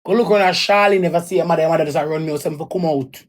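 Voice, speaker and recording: A woman's voice: sits low, very fast. A Jamaican woman telling an emotional personal story in a raw, emphatic way, often repeating her lines. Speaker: livestreamer.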